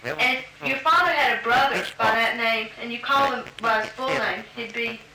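A woman's voice: on the high side, moderate pace, a crowd in the background. A woman interviewer asking prompt questions patiently, with frequent ums. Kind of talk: structured question-and-answer interview. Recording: roomy recording with background hiss.

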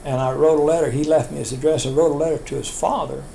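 Older man, slightly raised pitch, gravelly, rambling family storyteller; faint hiss under the recording. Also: steady tone, quick pace, warm tone, poor audio. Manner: rambling, chuckling storyteller with restarts. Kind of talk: oral history storytelling.

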